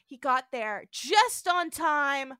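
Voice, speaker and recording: A woman's voice: sits high, takes it slowly, no echo, clean studio sound. A woman co-hosting a podcast, telling the story with lots of laughs and acted-out quotes in a casual chat. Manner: laughing, animated storyteller who acts out quotes. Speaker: podcast co-host.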